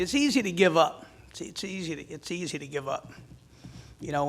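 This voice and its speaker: A man in his fifties, a firefighter union president, giving a heartfelt, raw speech from a conference stage, dropping quiet and then rising loud. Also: fairly high pitch, gravelly.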